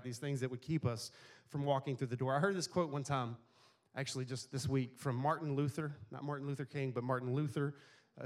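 A middle-aged male pastor with a medium-pitched voice preaches a sermon conversationally, frequently posing questions to the congregation.

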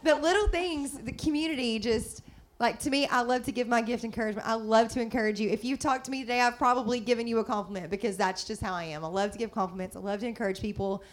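Woman, middle-aged, chatty co-host, slightly high voice, upbeat with fillers. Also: quick pace. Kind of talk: casual faith-based chat.

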